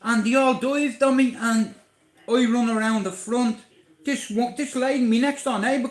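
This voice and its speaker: A man with an Irish accent telling a story on a livestream, blunt, animated and swearing constantly. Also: extremely high pitch, moderate pace, reverberant.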